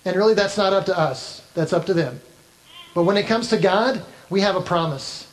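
A male pastor delivering a sermon with a notably high-pitched voice. He speaks earnestly and directly, often turning to address the congregation. The delivery is plain and sincere. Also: moderate pace, low-quality recording.

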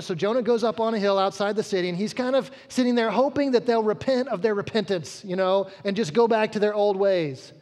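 A man's voice: sits high, a little mellow, long reverb tail. A man preaching a sermon, telling a story conversationally and acting out the quotes.

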